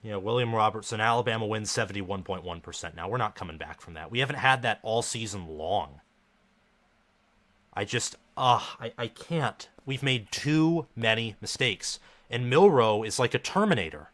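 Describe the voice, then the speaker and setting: Bright-voiced frustrated man commenting live. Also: lowish voice, expressive, normal speed. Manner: frustrated, dejected fan talk. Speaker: live stream host.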